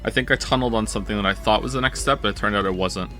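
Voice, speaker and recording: Bright-voiced man, rambling stream chat. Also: lowish voice, rapid-fire, faint music behind. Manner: rambling, self-correcting, jokey.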